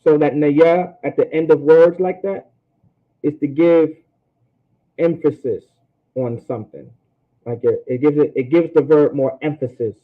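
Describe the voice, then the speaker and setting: A man teaching a language class in a casual way, often repeating himself and sounding out words slowly. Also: fairly high pitch. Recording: tinny phone-like line.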